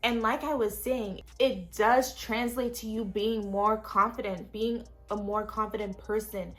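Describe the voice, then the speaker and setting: A young woman vlogs casually from her small studio apartment, speaking frankly and directly to viewers with the occasional swear word. She's a lifestyle vlogger offering self-help talk in an unhurried, medium-pitched voice that's fairly bright, with fairly even intonation and faint music in the background.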